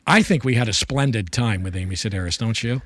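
A man's voice: lowish voice, fast talker, a bit bright, dry recording. A middle-aged man co-hosting a podcast in casual chat, playful and jokey with theatrical asides. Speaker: podcast co-host.

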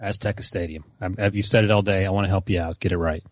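A man's voice: sits low, fairly even intonation, quick pace, dry recording, lo-fi sound. A man on a casual sports podcast, ribbing a co-host with dry quips.

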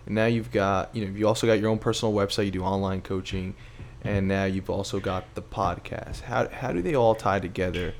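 Low-voiced male interviewer. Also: fairly even intonation, fairly quick, hardly any pauses, slight background noise. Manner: short backchannels, rambling question. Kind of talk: podcast interview.

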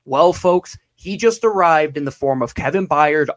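A man's voice: a little high, expressive, measured pace, few pauses, no echo. A man co-hosting a sports podcast, talking emphatically and drawing words out for effect. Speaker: podcast co-host.

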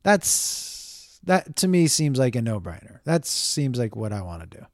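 A middle-aged man telling a profane, animated comic story in a stand-up style. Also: medium pitch, a little slow, dry recording, clean studio sound. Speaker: comedian.

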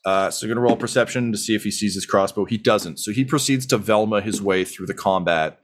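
A man with a lowish voice narrates a tabletop role-playing game as game master. He rambles casually, fills pauses with ums and uhs, and chuckles as he goes. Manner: relaxed and rambling, many fillers, laughs easily.

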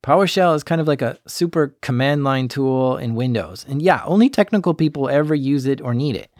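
A man narrating a true story as a podcast host, calm and measured, explaining technical terms plainly. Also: on the high side, dry recording, studio quality. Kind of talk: scripted true-crime narration.

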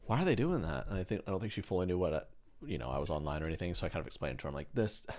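A man's voice: extremely low pitch, rapid-fire. A young man co-hosting a podcast, telling stories casually and acting out quotes from people. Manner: animated storyteller, acts out quotes. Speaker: podcast co-host. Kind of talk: casual chat.

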